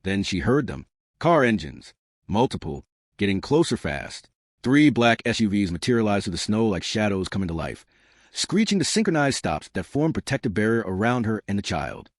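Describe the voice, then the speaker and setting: A man narrating a dramatic story in a scripted, expressive way. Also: lowish voice, moderate pace, no echo, studio quality.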